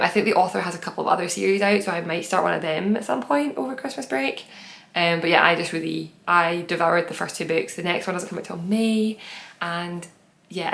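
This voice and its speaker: A woman's voice: on the low side, creaky, a bit bright, roomy sound. A young woman hosting a knitting podcast, chatting casually and rambling with many fillers. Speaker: podcast host. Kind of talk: casual chat.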